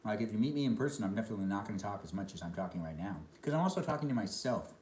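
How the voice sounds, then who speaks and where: A man's voice: fairly low pitch, animated, rapid-fire, a little mellow, reverberant, slight background noise. A man chatting casually on a live stream while eating dinner, reading and answering chat comments between bites. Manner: talks between bites of food.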